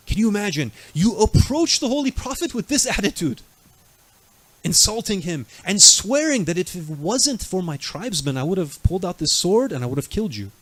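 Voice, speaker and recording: Man preaching a lively story sermon. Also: high-pitched, a little fast, dry recording. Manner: animated storytelling with dramatic quoted voices. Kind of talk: Muharram night sermon storytelling. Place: mosque.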